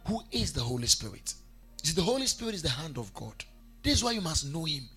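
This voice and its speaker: Fervent, husky male preacher. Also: big pitch swings, quick pace, soft background music. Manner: emphatic, rises to fervent shouts and drops low. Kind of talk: sermon with congregation call-and-response.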